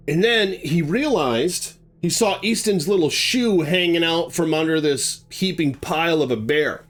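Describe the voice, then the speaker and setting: A man telling a dark tale in a loose, conversational way, drawing his words out slowly. His voice swings widely in pitch and sits a bit high, with soft music underneath. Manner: animated, conversational, acts out sounds. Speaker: storyteller. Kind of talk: casual spoken storytelling.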